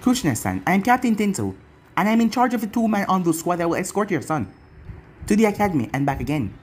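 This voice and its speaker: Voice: medium pitch, sing-song, fast talker, a little hiss or hum, natural voice. The story's narrator voicing a formal, dutiful male ninja squad captain, reading a fan fiction aloud.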